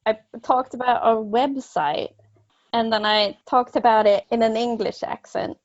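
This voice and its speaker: Giggly, self-conscious woman podcast co-host, unhurried, dull dry recording. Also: a little high, steady tone, no echo. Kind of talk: casual chat. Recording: dry, slightly dull lo-fi sound.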